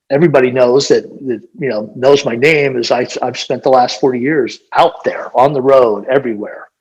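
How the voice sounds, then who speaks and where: A husky older man in his sixties talks shop like a veteran gym owner. He rambles through animated stories, full of "you know" and restarts. His voice sits at an ordinary pitch with a rough edge. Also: low-quality recording. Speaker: gym owner and business coach. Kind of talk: casual podcast storytelling.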